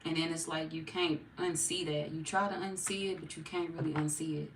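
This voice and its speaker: A woman's voice: sits low, fairly even intonation, a little fast, background noise. A woman giving a casual tarot reading straight to her viewers. She talks in a playful, slangy way and laughs often. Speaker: tarot reader. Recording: roomy echo, distant mic.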